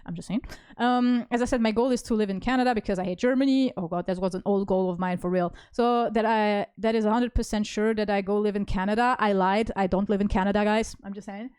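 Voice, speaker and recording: A woman streamer chats casually to her viewers, her voice smooth and clear. The sound is dry and close. She talks in halting bursts with fillers and restarts, and drops sarcastic asides as she goes. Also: medium pitch, steady tone, darkish tone, no room sound. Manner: sarcastic asides while reading messages.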